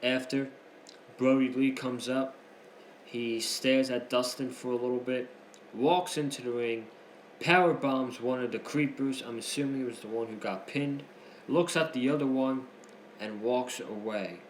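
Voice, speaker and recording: Male wrestling reviewer, casual and excitable, average pitch, echoey home setup. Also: measured pace, slight background noise. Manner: excitable, chatty, slangy ("freaking"). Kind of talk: casual recap commentary.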